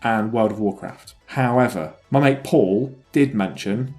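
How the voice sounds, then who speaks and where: A man's voice: lowish voice, unhurried, darkish tone, faint music behind. A man hosting a gaming podcast, chatting casually and telling stories, often restarting sentences and swearing now and then. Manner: rambling, self-correcting, swearing, laughs at own stories. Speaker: podcast host. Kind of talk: casual storytelling chat.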